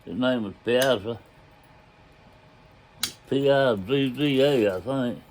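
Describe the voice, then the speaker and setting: A man's voice: mid-range voice, slow pace, darkish tone, slight background noise. Older man telling a fishing tale. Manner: folksy drawl, loose grammar, chuckles as he tells it. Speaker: storyteller. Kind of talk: casual anecdote telling.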